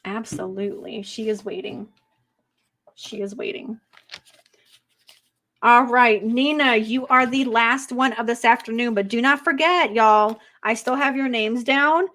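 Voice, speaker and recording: A woman working as a psychic medium in a live online reading, speaking gently and emotionally and pausing often with fillers. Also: fairly high pitch.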